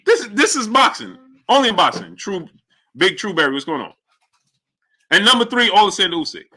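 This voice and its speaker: A man's voice: high-pitched, a little fast, slightly rough. A man hosting a live boxing talk stream, greeting chatters by name and hyping his audience. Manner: animated, hypes the audience, shouts out chat names. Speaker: boxing show host. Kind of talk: livestream commentary reading chat.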